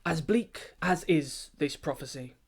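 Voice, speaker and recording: A pompous, snobbish poetry gatekeeper, as a man puts him on, declaiming rhymed verse with grand self-importance. His voice sits a little high, measured and rhythmic like an official giving a briefing. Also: creaky, breathy edge, heavily acted. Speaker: comic poet. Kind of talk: comic rhyming spoken-word satire.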